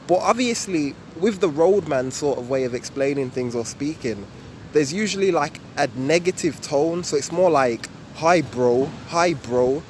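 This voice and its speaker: A man's voice: fairly high pitch, lively intonation, moderate pace. A young man with a Birmingham accent, casually explaining a topic in a musing way full of ums and restarts, recorded outside in town. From Birmingham, England. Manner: laid-back, musing, many ums and restarts. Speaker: vlogger. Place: outdoors in town by a tree. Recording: outdoor street noise. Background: street traffic.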